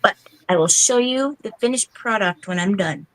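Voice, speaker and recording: A woman's voice: medium pitch, moderate pace, rough recording. Woman muttering over her craft. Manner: absorbed, muttering to herself. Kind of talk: casual chat while doing a craft.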